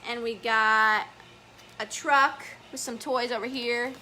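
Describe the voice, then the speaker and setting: Slow, bright-voiced story time woman. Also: fairly high pitch, fairly even intonation, a little hiss or hum. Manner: chatty, gentle, pauses to point at pictures. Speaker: children's story time educator. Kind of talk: reading a picture book aloud to children.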